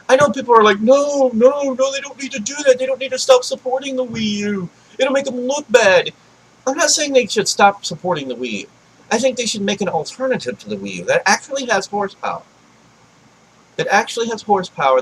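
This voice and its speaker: A man ranting about video games to his desk mic, swearing a lot and swinging between shouting and low grumbling. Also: slight background noise, rough recording. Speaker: gaming vlogger. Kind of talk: angry gaming rant.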